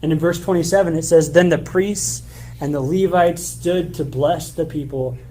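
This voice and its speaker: In a church sermon, a man with a mellow, fairly high voice reads out scripture passages and explains them casually, using filler words as he talks at a moderate pace. It's a low-quality recording with a little hiss or hum.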